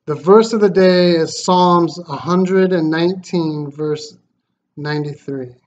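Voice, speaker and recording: A man hosting a fishing channel, unboxing gifts in a casual vlog, excited and full of thanks. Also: fairly high pitch, takes it slowly. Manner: excited, grateful, exclaiming. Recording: slightly dull lo-fi sound, faint noise.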